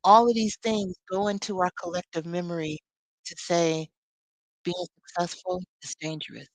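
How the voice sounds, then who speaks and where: A woman's voice: fairly low pitch, steady tone, moderate pace, dry recording, rough recording. A woman leading a live spiritual teaching, talking expressively with sassy, conversational asides.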